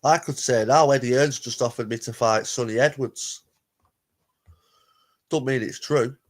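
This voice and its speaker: A man's voice: mid-range voice, unhurried. A man hosting a live reaction stream, talking bluntly and casually, swearing freely.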